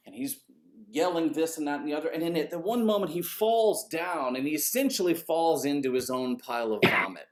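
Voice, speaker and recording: A man, an orchestra conductor, telling a story in an animated, conversational way and swearing casually. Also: fairly high pitch, brisk.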